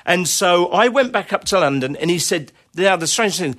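Middle-aged male guest, slightly high voice, chatty rambling storyteller. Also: animated, normal speed, fairly bright tone. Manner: rambling anecdotes with many fillers and laughter. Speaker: interview guest, drummer. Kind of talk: casual conversational storytelling.

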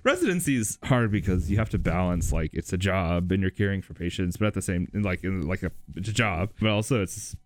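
Low-voiced young man, halting and casual. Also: expressive, no echo. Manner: hesitant, many fillers and restarts. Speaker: medical trainee panelist. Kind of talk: casual podcast discussion.

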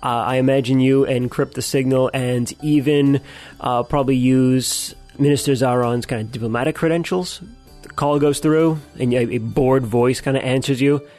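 A man's voice: medium pitch, fairly even intonation, moderate pace, a little mellow, soft background music. A man narrating as game master of a tabletop role-playing game, with frequent fillers and restarts. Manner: hesitant, filler-heavy narration.

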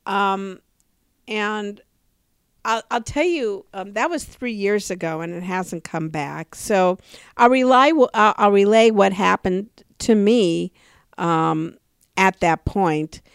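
Middle-aged female comic, podcast co-host; smooth, dry, close-miked; animated personal storytelling. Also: mid-range voice, slow pace, no echo. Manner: vivid storytelling, acts out quoted voices. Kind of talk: casual podcast conversation.

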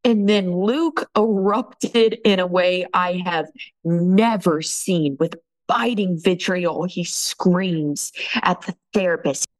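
A woman telling her own painful story as a podcast guest, halting often and restarting her sentences. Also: on the low side, rough recording. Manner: halting, with many restarts and fillers. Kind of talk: emotional personal account.

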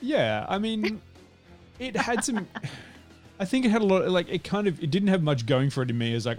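Podcast host, male, casual and animated, voice jumps around a lot. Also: sits high, normal speed, faint music behind. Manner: animated, laughing, rambling. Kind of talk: casual chat.

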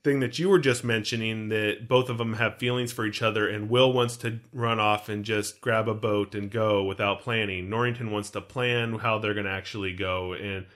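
A man's voice: on the low side, fairly even intonation, normal speed, hardly any pauses, fairly bright tone. Guy cohosting a movie podcast, chatty and playful, keeps asking rhetorical questions. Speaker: podcast co-host. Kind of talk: casual film discussion.

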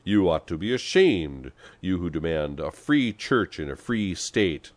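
A man voicing a fiery, sharp-tongued village priest who scolds and retorts in a storybook reading. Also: deep voice, big pitch swings, a little slow, dry recording. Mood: scolding.

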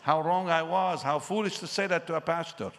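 An older male preacher in his seventies delivers an animated sermon, acting out each conversation as he tells it. His voice sits a bit high and sounds bright and forceful. A long reverb fills the large hall around him. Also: brisk. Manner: animated storytelling, acts out dialogue.

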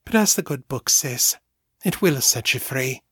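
A man doing a gentle, lilting mother. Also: mid-range voice, animated, unhurried, husky, no room sound, clean studio sound. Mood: tender. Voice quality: lilting, soft. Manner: tender, soothing. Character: gentle loving mother, warm and comforting.

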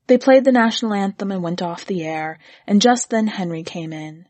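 Woman narrator, husky tone, dry close sound, steady storybook reading. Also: medium pitch, normal speed, few pauses, no room sound.

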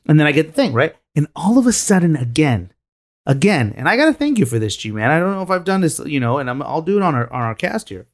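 A man's voice: on the high side, fast talker. A man co-hosting a podcast, telling a career story in casual chat, acting out quoted dialogue and tagging lines with "right?". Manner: animated, acts out quoted dialogue, frequent "right?" tags. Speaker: podcast co-host.

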